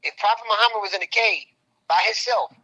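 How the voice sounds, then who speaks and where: Bright husky man posing rhetorical questions. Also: high-pitched, fast, rough recording. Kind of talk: casual discussion.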